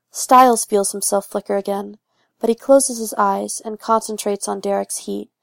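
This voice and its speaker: A woman narrating a fan fiction audiobook in a steady, even reading voice. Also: medium pitch, vocal fry, no room sound, clean studio sound.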